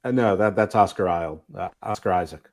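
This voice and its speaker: A man co-hosting a casual podcast chat, halting with lots of restarts and dry jokey asides. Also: low voice. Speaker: co-host.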